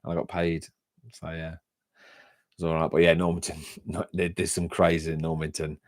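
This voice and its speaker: A man's voice: low-pitched, completely flat delivery, normal speed, dry recording, clean studio sound. An English man chatting on a casual livestream, reading chat and rambling from story to story with frequent laughs and restarts. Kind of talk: casual live-stream chat.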